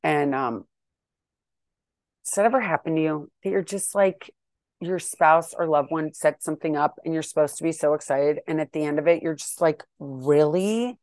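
A woman's voice: low-pitched, moderate pace, no echo. Chatty woman in her fifties, dry close sound. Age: 50s. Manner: chatty, animated, exasperated asides. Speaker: vlogger and wellness coach. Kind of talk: casual storytelling to viewers.

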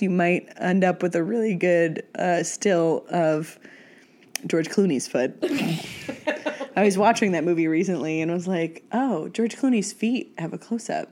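A woman's voice: lowish voice, measured pace, a little mellow. A young adult woman co-hosting a casual movie podcast, rambling, giggly and self-mocking, talking into a studio microphone. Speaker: podcast co-host.

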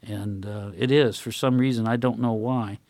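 A man's voice: mid-range voice, steady tone, moderate pace, a little mellow, dry recording. An older man, a guest on a casual talk show, telling racing anecdotes in a rambling way with chuckles. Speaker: guest, retired racing crew member. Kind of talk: casual storytelling.

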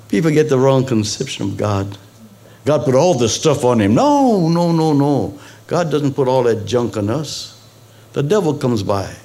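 A male pastor preaching a sermon, with sudden high emphatic peaks and conversational asides to the congregation. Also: darkish tone.

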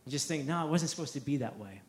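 A man's voice: a little high, lively intonation, very fast, roomy sound. A man preaching a sermon, telling a story with energy, repeating words and acting out the quotes.

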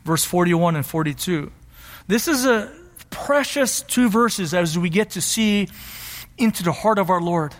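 A man's voice: high-pitched, animated, unhurried, a bit bright, long reverb tail. A man preaching a sermon as pastor, emphatic and repeating his key phrases.

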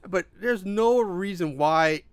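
A man's voice: high voice, slow pace, clean tone, no room sound. A man chatting casually about a film on a podcast, rambling with lots of "like" and laughing often. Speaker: podcast co-host. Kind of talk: casual movie chat.

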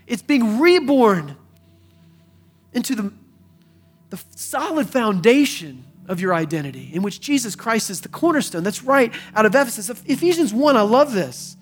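A man preaching a sermon, swinging between hushed and emphatic delivery. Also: very high-pitched, sing-song, normal speed, slightly rough, soft background music. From American South. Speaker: pastor.

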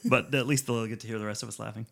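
A man's voice: medium pitch, fairly even intonation, rapid-fire, vocal fry, fairly bright tone. A man co-hosting a podcast in casual chat, teasing the others and laughing at his own jokes. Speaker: podcast co-host.

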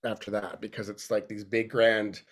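A man's voice: lowish voice, flat delivery, moderate pace. A man co-hosting a podcast, chatting playfully about a movie. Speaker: podcast co-host. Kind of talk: casual movie review chat.

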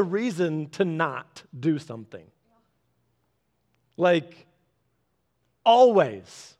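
A man in his thirties preaching a sermon, animated and acting out little voices as he speaks. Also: normal speed. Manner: animated, acts out voices with big pitch jumps. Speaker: pastor.

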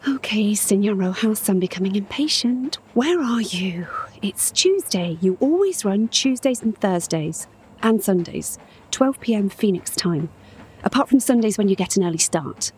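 An actress in an audio drama playing a lonely, obsessive middle-aged woman who fixates on a stranger, talking in a hushed, dreamy, intimate way and sometimes whispering. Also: mid-range voice, animated, normal speed, a little hiss or hum, lightly acted. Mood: dreamy, infatuated.

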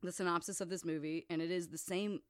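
A woman's voice: fairly low pitch, steady tone, fast talker. A woman co-hosting a casual podcast, retelling a film's plot with giggles and acted-out quotes. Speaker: podcast co-host. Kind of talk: casual movie-recap chat.

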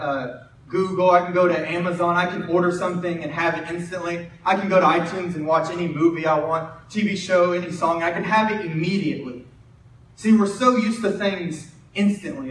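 A man's voice: high voice, slight background noise. A young man preaching a casual sermon. He tells a coaching story in a chatty way, often restarting his words. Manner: conversational, self-interrupting, animated storyteller. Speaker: preacher and high school football coach. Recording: roomy distant mic in a hall.

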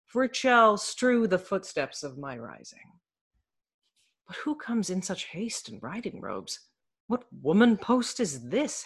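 A sly, mocking young nobleman of a stage play, voiced by a woman, reading Shakespeare verse with a lively, swooping pitch. The voice is slightly husky. He is plotting and sardonic. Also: exaggerated voice. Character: scheming young male bastard noble, mocking. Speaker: actor reading a scene.

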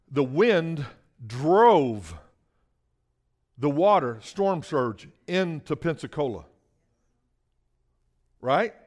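A man preaching a sermon in a voice that sits a little on the high side. He drops to hushed asides and then rises into loud, emphatic bursts. He calls out to the congregation for a response as he goes.

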